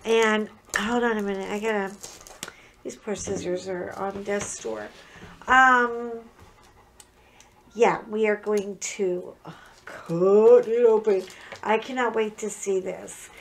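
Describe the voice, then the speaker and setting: A woman's voice: medium pitch, steady tone, takes it slowly, pauses often. A middle-aged woman chatting casually as she unboxes a craft kit at home, joking and wandering off-topic with frequent restarts. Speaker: craft vlogger.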